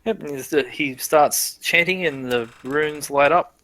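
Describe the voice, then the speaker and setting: A young man narrates a tabletop game as game master, his voice bright and a touch high. He talks in an easygoing way, dropping quick "yep"s and "cool"s as he goes. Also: low-quality recording. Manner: relaxed, repeats "yep" and "cool", laughs often.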